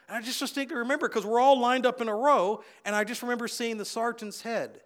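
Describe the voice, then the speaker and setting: A middle-aged man delivering a sermon from the pulpit in a high, lively voice. He tells stories with folksy repetition and swings from quiet, low asides to loud, raised bursts. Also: brisk, few pauses. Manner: animated storyteller, big swings in loudness and pitch; folksy, repeats phrases for emphasis. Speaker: pastor.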